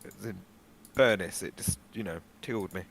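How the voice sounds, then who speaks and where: A man's voice: low-pitched, normal speed, gravelly, slight background noise. A man playing a tabletop role-playing game over an online call, playful and mischievous. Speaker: player. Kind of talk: casual tabletop play.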